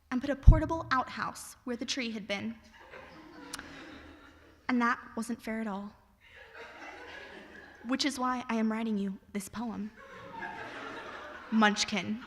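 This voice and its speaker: A young woman with a fairly high voice reads her own poetry and a short story aloud before an audience. Between pieces she slips in wry, self-mocking remarks. Her voice carries a long reverb from a large hall. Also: background noise. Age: young adult. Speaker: student reader. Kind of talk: reading her own poems and stories aloud.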